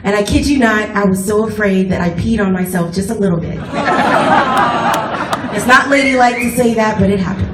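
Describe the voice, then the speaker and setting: A woman bass player telling a story to a concert audience from the stage, laughing often as she talks, recorded from far off in an echoey venue with the crowd behind her. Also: brisk, heavy background noise. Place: live music venue on stage.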